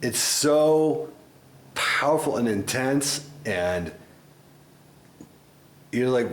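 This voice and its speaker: A man hosting a music reaction video, talking in a rambling, excitable way with mock-scared asides. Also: medium pitch, drawn-out words, long pauses. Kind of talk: casual reaction commentary. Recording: echoey room with faint noise.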